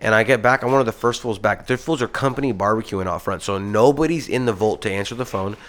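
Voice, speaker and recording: Young male podcast co-host, rapid heated profane storyteller, low voice. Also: a bit bright. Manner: heated rambling storytelling, heavy swearing. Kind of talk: casual podcast chat.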